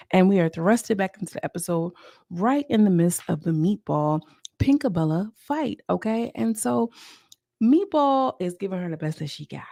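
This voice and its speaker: A woman recaps a reality episode in a loose, chatty way, throwing in slangy asides to her viewers. Her voice has a gravelly fry and sits at an ordinary pitch. The sound is dry and close. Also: dark tone, no room sound. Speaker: reality TV reviewer. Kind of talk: casual recap commentary.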